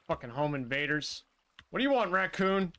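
A man's voice: fairly high pitch, moderate pace. A man streaming a live playthrough, chatting animatedly with viewers and swearing freely as he reacts to the game. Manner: animated, swears freely, talks to his chat and to characters on screen. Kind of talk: live gameplay commentary.

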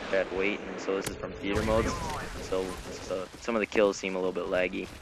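Laid-back 18-year-old guy, low voice. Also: level tone, brisk. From Canada. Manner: laid-back, many ums and uhs. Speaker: gaming commentator. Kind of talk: casual gameplay commentary. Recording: gunfire noise from game audio.

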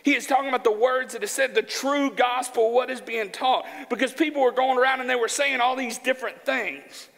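A man from Arkansas preaching a sermon in a church, joking in a folksy, animated way. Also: extremely high pitch, a little fast, creaky, few pauses. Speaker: pastor. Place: church sanctuary. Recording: church hall with long reverb.

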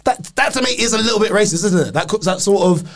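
Lively high-voiced joking man. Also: quick pace. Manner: animated, jokey, slips into mock voices and accents. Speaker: podcast co-host. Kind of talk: casual comedy podcast chat.

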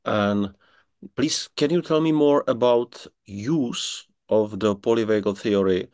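A man hosting a talk show, asking polite, halting questions as he searches for his words. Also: fairly low pitch, a little mellow, clear, resonant tone, dry recording, clean studio sound. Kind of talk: interview questions.

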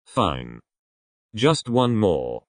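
A man's voice: on the low side, big pitch swings, very slow, dry recording, full character voice. A man voicing a blunt, exasperated young man who speaks firmly and curtly. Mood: resigned. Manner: firm, curt.

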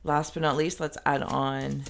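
A woman talks the viewer through a tarot reading in a rambling, meandering way, with plenty of "like." Her voice has a gravelly, creaky edge. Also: low voice, level tone, a little slow. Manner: speaks directly to the viewer. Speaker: tarot reader.

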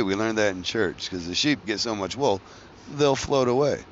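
A man's voice: lowish voice, lively intonation, normal speed, a little hiss or hum. A man hosting a podcast, rambling casually from one tangent to the next, joking and swearing freely. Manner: joking, profane, wanders between tangents. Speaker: podcast host. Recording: dull lo-fi recording.

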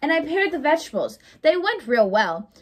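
A cheerful housekeeper from a storybook, earnest and sing-song, chirping along in a lifted, bouncy voice, as a woman reading aloud puts her on. She sounds bright and sincere, with a lilt that swoops up and down. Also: sits high, very animated, normal speed, a little hiss or hum, pitched above the performer's own voice.

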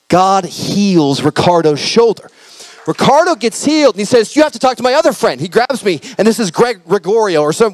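Animated male pastor telling a story. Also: high-pitched, dry recording. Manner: animated, acts out dialogue, rising to loud proclamations. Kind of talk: sermon storytelling.

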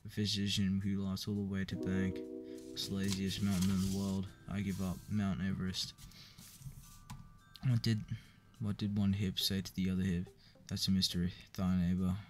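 A man reading a joke book aloud in a flat, weary way, with profane asides. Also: low-pitched, moderate pace. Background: clear background music.

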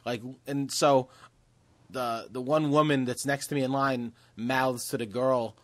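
A man's voice: mid-range voice, a little slow, no room sound. A man co-hosting a comedy podcast, chatting casually and acting out the people in his stories. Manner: animated storytelling, acts out quotes. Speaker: podcast co-host.

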